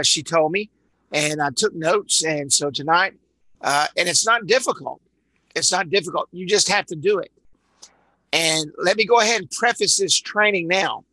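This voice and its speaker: A man's voice: fairly high pitch, bright, forceful tone, no echo, rough recording. A man from Dallas with a Texan accent, leading a live online sales training in a rambling way, full of repeated words and uhs. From Dallas, Texas.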